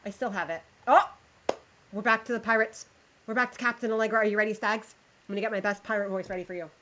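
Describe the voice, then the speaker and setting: A woman's voice: medium pitch, steady tone, quick pace, bright, forceful tone, a little hiss or hum, low-quality recording. A woman livestreaming, chatting with her viewers as she plays a game and reads a story aloud. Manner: chatty, talks to chat while playing. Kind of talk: live game commentary and storybook reading.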